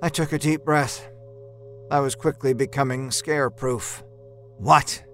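A male storyteller reading a first-person horror story in a tense, often hushed voice that breaks into sudden shouts. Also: medium pitch, fairly even intonation, normal speed. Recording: narration with a faint music score.

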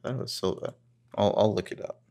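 A man's voice: quick pace, a little mellow. A man co-hosting a casual podcast, recapping a TV episode and swearing freely. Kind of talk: casual chat.

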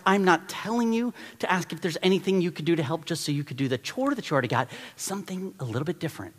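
Middle-aged pastor guy preaching, kinda high voice, pushy and animated, big hall echo. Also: quick pace, few pauses. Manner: animated, exhorting and repeating for emphasis. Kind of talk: sermon. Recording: long reverb of a large hall.

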